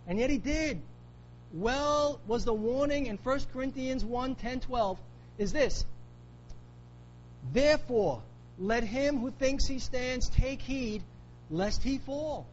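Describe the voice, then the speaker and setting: A man's voice: very high-pitched, takes it slowly, muffled recording, a little hiss or hum. A man preaching a sermon, emphatic, repeating key phrases for weight. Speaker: pastor.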